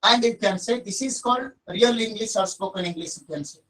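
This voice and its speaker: A man from Odisha, India, with an Odia accent teaches an English classroom lesson, stressing and repeating key points for his students. His voice is high, a bit bright and fairly quick. He's far from the mic, and the audio quality is poor.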